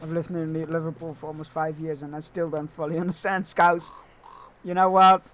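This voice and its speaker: A man's voice: on the high side, level tone, brisk. A man streaming a game, chatting casually and reading the game text aloud with asides. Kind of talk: casual let's-play commentary. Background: game music.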